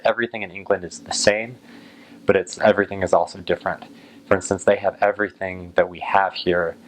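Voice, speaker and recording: American male vlogger, deep and even delivery, casual musing chat, faint ambient hiss. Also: rough recording. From United States. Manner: unhurried, musing, with frequent ums. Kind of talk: casual talk to camera.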